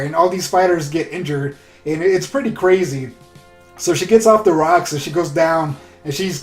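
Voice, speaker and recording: Chatty man recapping, roomy echo. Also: on the high side. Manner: rambling, filler-heavy, excited retelling. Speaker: anime episode reviewer. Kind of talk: casual recap review. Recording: roomy echo with faint music.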